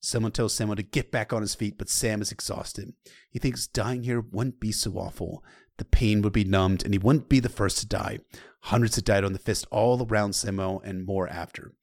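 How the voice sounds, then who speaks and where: Low-voiced man retelling a story. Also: steady tone, moderate pace, a little mellow. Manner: loose and conversational, with occasional profanity. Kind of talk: casual retelling of a novel with asides.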